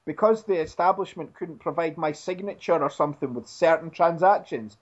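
Man, fairly high voice, casual halting talk, muffled audio. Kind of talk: casual chat.

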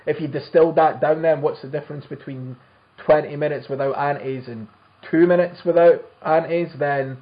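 A man's voice: fairly high pitch, steady tone, moderate pace. A man hosting a podcast in casual chat, laid-back and thinking aloud. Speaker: podcast host. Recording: dull lo-fi recording.

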